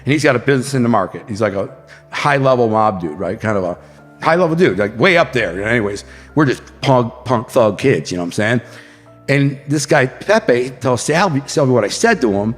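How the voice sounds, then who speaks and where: Detroit guy telling rough street stories on a podcast, swears a lot, voice echoes long with quiet music under it. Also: medium pitch, expressive, a little fast. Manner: blunt, profane street storyteller who acts out quotes. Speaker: podcast guest. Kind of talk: storytelling in a casual interview.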